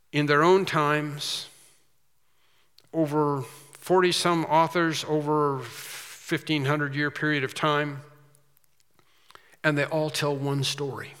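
A man preaching a sermon, slow and emphatic with quicker asides. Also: on the high side, fairly bright tone, clear, resonant tone, big-room sound.

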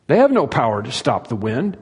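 A man's voice: mid-range voice, huge pitch swings, fairly quick, slightly rough. A man preaching an expository sermon in earnest tones, repeating key phrases for emphasis. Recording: long reverb of a large hall.

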